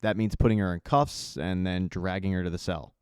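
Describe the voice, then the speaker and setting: A man narrating a casual recap of a TV season, telling the plot in a conversational way with quick asides. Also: sits low, fairly even intonation, darkish tone, clear, resonant tone, no echo, clean studio sound. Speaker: recap host.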